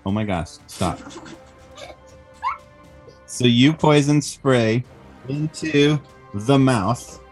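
A man narrating as game master in a casual, friendly way, with frequent fillers. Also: mid-range voice. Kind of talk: narrating a family tabletop game.

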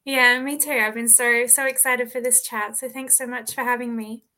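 Bright bubbly Australian woman. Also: fairly high pitch, steady tone, moderate pace. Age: young adult. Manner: bubbly, laughs often. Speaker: author and guest. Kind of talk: casual interview.

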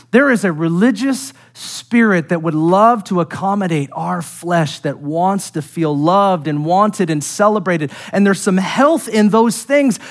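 A middle-aged man preaching a sermon, earnest and direct with the congregation, building to emphatic peaks and dropping quiet again. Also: high-pitched. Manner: direct address to congregation, self-deprecating humor. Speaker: pastor.

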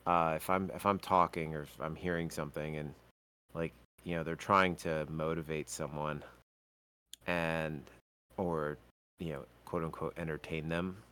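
A man's voice: rumbling low, level tone, measured pace, bright, forceful tone, smooth. A man co-hosting a podcast in casual chat, rambling and restarting his sentences. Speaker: podcast co-host.

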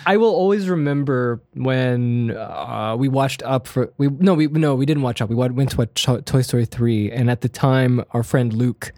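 A man's voice: medium pitch, moderate pace, hardly any pauses, darkish tone, no echo, clean studio sound. A man co-hosting a casual podcast chat, playful and laughing often, often trailing off and restarting. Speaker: podcast co-host.

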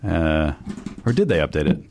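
A man's voice: a bass voice, very animated, normal speed, gravelly, a little mellow, slight background noise. A man in casual comedic chat, laid-back and hesitant, with many fillers.

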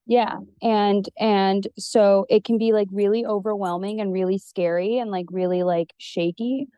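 A woman's voice: medium pitch, fairly even intonation, a little slow, mellow, no echo. A woman therapist talking as a podcast guest in an earnest, rambling way, with many fillers, and sounding teary. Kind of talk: casual conversation.

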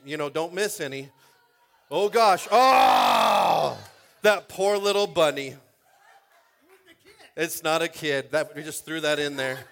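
A male pastor running a lively church service, joking and playful and often raising his voice to the room. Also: on the high side. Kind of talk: church service games and announcements. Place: church sanctuary stage.

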